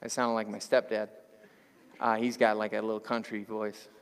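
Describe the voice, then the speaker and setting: A man's voice: lowish voice, normal speed, smooth, big-room sound. A man preaching a sermon as pastor, talking in a loose, conversational way and joking with the congregation. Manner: conversational, animated, jokes with the congregation.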